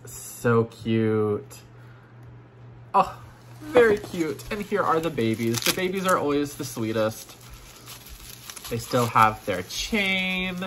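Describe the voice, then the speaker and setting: A man's voice: mid-range voice, fairly bright tone, a little hiss or hum. Gushing man unboxing vintage toys. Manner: gushing, effusive, repeats "oh my gosh"; breathy exclamations, drops to near-whispers. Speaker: vintage toy collector and seller. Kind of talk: casual unboxing vlog.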